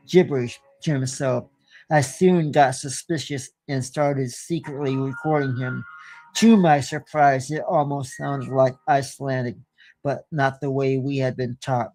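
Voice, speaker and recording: A man hosting a show and telling a horror story slowly and deliberately, with small stumbles now and then, into a close studio mic. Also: medium pitch, fairly even intonation, darkish tone, soft background music. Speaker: host and storyteller.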